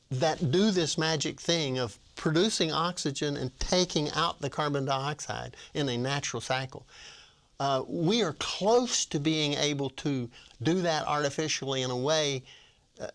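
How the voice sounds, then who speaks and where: An older man, a retired professor, is a guest in a casual interview about his book. His voice is fairly high and fairly bright, and he speaks hesitantly, restarting often and using many fillers.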